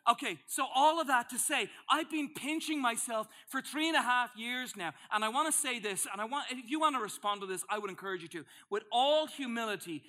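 Male pastor preaching; high, bright voice; lively storyteller who acts out his reactions. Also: a little fast, few pauses. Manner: storytelling with acted-out asides. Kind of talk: sermon.

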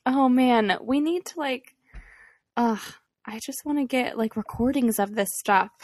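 A woman's voice: fairly high pitch, unhurried, dry recording, studio quality. A young woman co-hosting a podcast, chatting casually with lots of laughs and fillers. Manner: giggly, chatty, many fillers. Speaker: podcast co-host. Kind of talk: casual chat.

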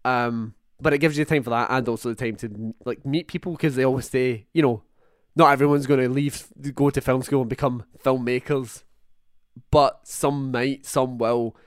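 A man's voice: medium pitch, normal speed, clear, resonant tone, dry recording. A young man with a Scottish accent chats casually, rambling through long thoughts and correcting himself as he goes. His voice sits mid-range and is recorded close and dry. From Scotland. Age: young adult. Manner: rambling, self-interrupting, animated asides. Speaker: podcast co-host. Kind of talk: casual chat.

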